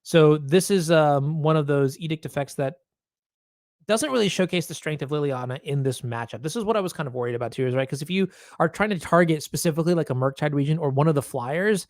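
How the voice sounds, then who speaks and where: A man's voice: fairly high pitch, fast, a little mellow, no echo, studio quality. Explanatory male card game commentator. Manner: explanatory, hedging with fillers.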